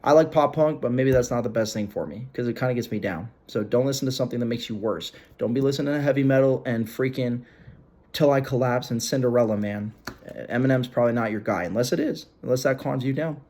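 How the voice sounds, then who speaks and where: A man's voice: medium pitch, quick pace, a little mellow. A young man talking straight to viewers in a casual advice video, blunt and emphatic, coaching them in everyday slang and repeating his points. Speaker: self-help video host. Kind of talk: direct-to-camera advice talk.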